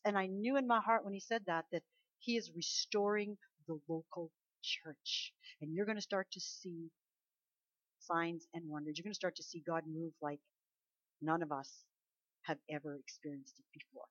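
A woman preaching a sermon, emphatic, swinging between loud declarations and soft asides. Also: lowish voice, no echo. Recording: dull lo-fi dry recording.

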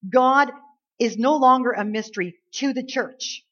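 A woman's voice: high voice, a little slow, fairly bright tone, breathy edge, lo-fi sound. Earnest woman preaching a sermon. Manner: earnest, emphatic, quotes scripture.

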